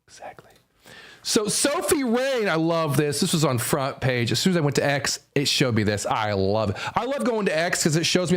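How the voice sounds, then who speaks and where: A young man streaming, giving casual reaction commentary, animated, repeating lines, swearing and laughing often. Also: on the high side.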